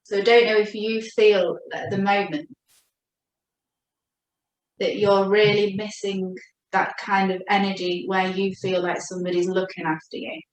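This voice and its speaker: A woman giving a gentle, reassuring spiritual chakra reading as a coach. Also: mid-range voice, flat delivery. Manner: gentle, reassuring, speaks slowly when addressing her guide. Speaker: oracle card reader and coach. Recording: echoey room.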